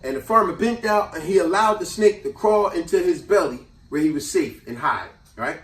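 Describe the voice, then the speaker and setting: Host, male, high-ish voice, lively storyteller who acts out voices, recorded at a distance in an echoey room. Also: moderate pace. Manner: animated storyteller acting out characters' voices. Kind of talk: casual storytelling and advice.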